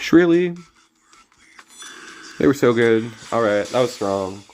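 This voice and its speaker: A relaxed young male streamer thinking out loud, his pitch bouncing around a lot as he jokes, then dropping into quiet mumbles. Soft music plays faintly underneath. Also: takes it slowly. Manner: laid-back, mumbling, jokey. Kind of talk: casual gameplay commentary.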